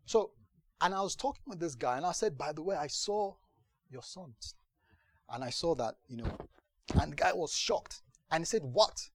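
A man's voice: a little high, animated, normal speed, long pauses, dry recording. A man preaching as pastor, telling stories from his own life in a sermon and often asking whether listeners follow him. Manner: storytelling, repeats "do you understand". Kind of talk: sermon testimony.

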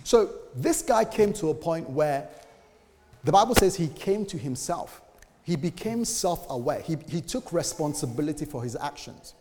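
A man's voice: a little high, lively intonation, moderate pace, background noise. A male pastor preaching a sermon in a conversational style, full of rhetorical questions. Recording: echoey hall.

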